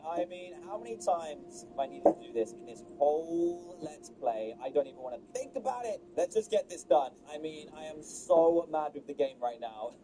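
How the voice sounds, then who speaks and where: A man narrating his game run in an excitable, exasperated way, his voice dark and mellow yet swinging widely in pitch. A faint rumble sits under the recording. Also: low-quality recording. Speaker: gaming streamer. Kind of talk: Let's Play commentary.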